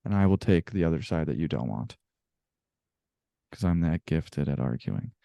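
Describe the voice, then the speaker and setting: A man co-hosting a casual sports podcast, animated and swearing freely as he tells stories. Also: very deep voice, moderate pace, creaky, no echo. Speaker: podcast co-host.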